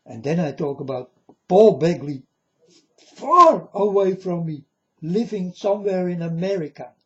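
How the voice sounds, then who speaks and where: A man giving an earnest, halting religious monologue to camera in non-native phrasing. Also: high voice, lively intonation, highs cut off. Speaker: religious video maker.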